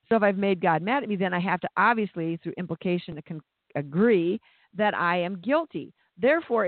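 A high-pitched man delivers an impassioned sermon, doubling back on words as his fervor builds. The sound is dry and narrow, like a phone recording. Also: no room sound. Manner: impassioned, repeats words when stirred. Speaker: preacher.

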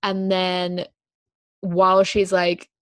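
A woman's voice: lowish voice, monotone, slow, fairly bright tone, clear, resonant tone, no echo. A young woman co-hosting a casual chat, bubbly and full of fillers. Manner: bubbly, laughs often, fillers.

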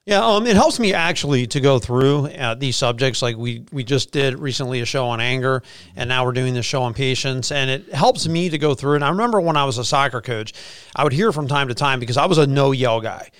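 A middle-aged man, a pastor hosting a casual faith podcast and telling stories in an energetic, chatty way. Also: medium pitch, brisk, clean tone, dry recording.

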